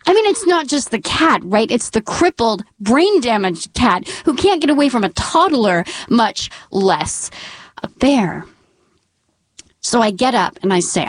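A woman telling a personal story with dry, wry humor, dropping to a hushed whisper at tense moments. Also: medium pitch, lively intonation, unhurried, no echo.

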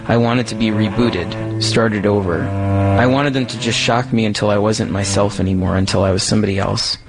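A brooding young man as a man reads him, earnest and intense, on a low voice. Music plays quietly underneath. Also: fairly even intonation, moderate pace, natural voice. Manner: earnest, confessional. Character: troubled young male billionaire, brooding and intense.

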